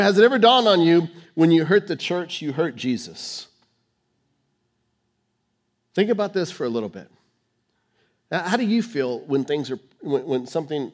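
A male pastor preaching a sermon on stage under lights, sharing his testimony with dramatic swings between hushed and emphatic, rushing then slowing for key phrases. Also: fairly high pitch. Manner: fast rushed delivery, slowing for key phrases.

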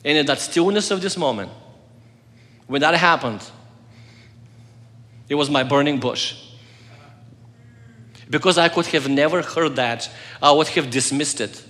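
A man preaching with a bright, forceful voice that sits a little high. He tells his story earnestly, rising loud and then dropping to a hush. The sound rings with the long reverb of a large hall. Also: a little slow, pauses often. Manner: earnest storytelling, swings between loud and soft. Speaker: pastor. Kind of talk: sermon.

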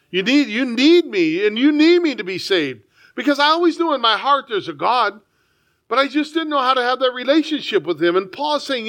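A man's voice: high-pitched, bright, forceful tone. A man pastor preaching a sermon, emphatic with conversational asides.

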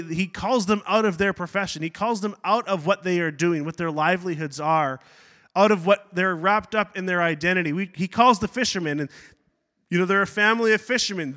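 A man's voice: high-pitched, pushed and bright. A man pastor giving a sermon, preaching with energy, adding asides and acting out quotes. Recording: long hall reverb.

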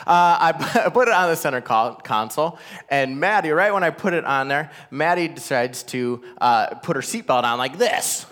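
A somewhat high-voiced man tells a live audience a story from his own family life. He is animated and laughs at himself, and he keeps checking in with the crowd through quick asides. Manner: animated, self-deprecating, rising to loud exasperation at the climax; talks straight to listeners with frequent "all right?" asides. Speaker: speaker telling a personal story to an audience.

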